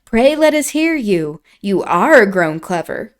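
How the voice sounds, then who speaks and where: A woman voicing a spirited, proud teenage girl with bright, lifted exclamations in a storybook reading. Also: mid-range voice, big pitch swings, slow. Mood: mocking.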